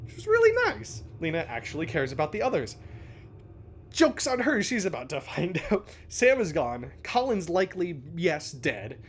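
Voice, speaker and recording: A man's voice: on the high side, sing-song, moderate pace, slightly rough. A man recapping and commenting in a casual, chatty way, laughing often and swearing now and then. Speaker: podcast-style episode analyst. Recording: music playing underneath.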